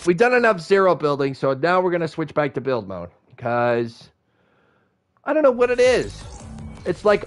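A man giving casual let's-play commentary on his game from his home setup, chatty and self-deprecating, his voice sounding slightly stuffy. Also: fairly high pitch. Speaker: gaming YouTuber. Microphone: streaming from a game console.

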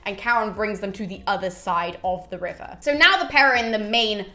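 A woman casually retelling a myth in a chatty, animated way with the odd swear word. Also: mid-range voice, brisk. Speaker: mythology channel host.

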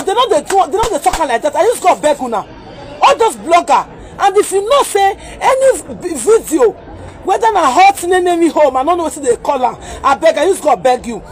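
A Nigerian woman from Edo, ranting in a heated, pleading way in a vlog, repeating herself as she scolds people. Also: very high voice. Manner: agitated, pleading, repetitive. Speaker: vlogger.

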